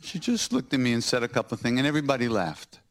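A man's voice: medium pitch, quick pace. A man hosting a podcast, recounting personal stories and acting out the scenes with laughter. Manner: animated, acts out scenes with laughter. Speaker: podcast host.

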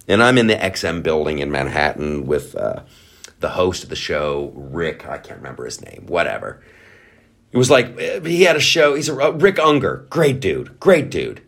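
Animated male comedic ranter. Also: normal speed, gravelly. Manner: animated, swings to high excited pitch when storytelling; swears freely, laughs while talking. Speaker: show host. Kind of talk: comedic rant.

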